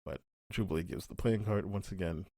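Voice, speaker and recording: A man's voice: low voice, brisk, no echo, clean studio sound. A man co-hosting a podcast, chatting casually through a spoiler review and acting out characters' lines. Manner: rambling, acts out quotes in animated voices. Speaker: podcast co-host.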